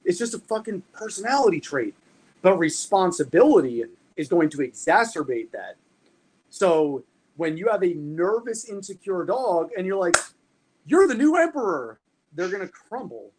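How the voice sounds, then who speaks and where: A man on a casual podcast chat, explaining dog training in an animated, profane way with everyday comparisons. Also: sits high, normal speed, slight background noise, low-quality recording.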